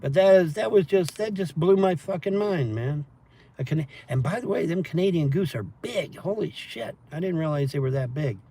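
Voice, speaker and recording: A man's voice: fairly high pitch, expressive, moderate pace, warm tone, slightly rough. A man hosting a livestream, rambling casually and profanely as he reads and answers chat comments. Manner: profane, meandering storytelling with laughs. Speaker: livestream host reading chat.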